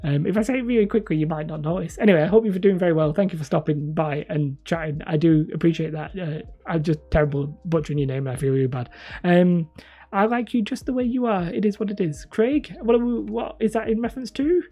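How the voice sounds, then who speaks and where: A woman's voice: lowish voice, fast, dark tone, breathy edge. A woman with a northern English accent hosting a live stream, chatting casually with viewers in a rambling, self-deprecating way. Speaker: livestream host.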